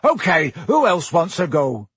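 A huge gamekeeper roars in a raised, loud voice, done by a man reading a story. The tone is high-pitched and a bit husky. The sound stays dry. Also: animated, drawn-out words, dry recording, heavily acted. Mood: booming. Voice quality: booming, roaring.

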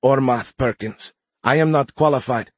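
Frightened young female alien cadet, tense and higher-pitched, man voicing, dry close audio. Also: normal speed, slightly rough, no echo, lightly acted. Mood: anxious.

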